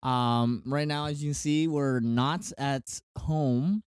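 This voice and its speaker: A man's voice: medium pitch, steady tone, slow pace, clean tone, dry recording, studio quality. A man co-hosting a casual podcast late at night over drinks in a rented holiday home, joking and laughing often. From Canada. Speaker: podcast co-host.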